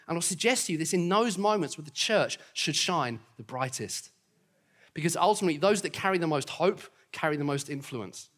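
A man's voice: a little high, lively intonation, brisk, fairly bright tone. A man preaching a sermon as pastor to his congregation, upbeat and confident, with friendly asides. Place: church auditorium.

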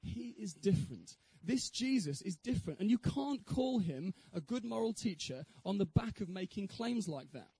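A man speaks at an evening Christian talk, sharing his own testimony and putting questions to his listeners in an earnest tone. His voice sits high yet mellow, with a husky edge. The recording is dry and close, with no room sound. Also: lively intonation, normal speed, few pauses, dry recording, poor audio. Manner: earnest, rhetorical questions to the audience. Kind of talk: evangelistic talk with personal testimony.

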